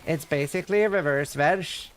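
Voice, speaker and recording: On the high side and at a moderate pace, a man from Norway with a light Norwegian accent streams a game and chats with his audience, reading their messages. His talk is rambling and filler-heavy, with playful accent imitations.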